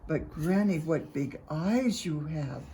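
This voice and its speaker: An older woman voicing a flustered male wolf who pretends to be a grandmother in a squeaky, strained falsetto, read as a storybook. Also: animated, slow pace, mellow, a little hiss or hum, exaggerated voice. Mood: nervous. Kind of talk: storybook reading.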